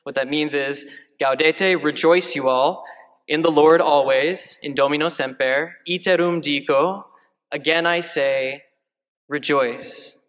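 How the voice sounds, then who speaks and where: A man preaches a homily as a parish priest, easygoing and lightly joking, with plenty of ums and uhs along the way. His voice sits a little high for a man. A long reverb trails each phrase through the church. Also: steady tone, unhurried, a bit bright. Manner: chatty, joking, many fillers. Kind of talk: conversational homily. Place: large church.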